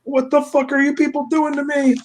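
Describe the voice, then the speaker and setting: A man voicing a foul-mouthed young woman who streams on webcam, pitched above his own voice. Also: big pitch swings, normal speed, slight background noise. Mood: shocked. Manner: exclaiming, crude.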